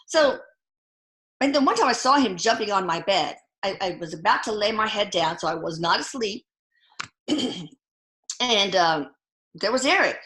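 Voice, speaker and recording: A woman guest telling personal stories in a casual, animated way, often lifting her voice when quoting others. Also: medium pitch, moderate pace, pauses often, reverberant. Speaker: guest, physician and mother. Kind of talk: conversational storytelling.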